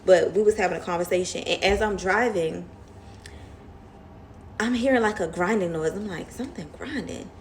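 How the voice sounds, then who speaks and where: A young woman chats to her camera, retelling a story with lively animation and acting out the other voices. Her voice has a gravelly, fried texture. A faint hiss sits under the recording. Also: lowish voice, moderate pace. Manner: chatty, animated retelling, mimics voices in quotes. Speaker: vlogger. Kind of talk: casual storytime chat.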